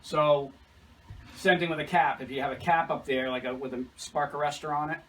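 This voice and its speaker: A chimney sweep talks casually about his work, livening it up with animated anecdotes. His voice is a little high and fairly quick, and he's recorded from a distance with outdoor noise in the background.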